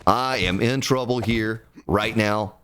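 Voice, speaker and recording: A hoarse man giving excitable live-stream commentary while playing a survival game, exclaiming often and breaking into snatches of song. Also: fairly low pitch, slow pace, a little hiss or hum.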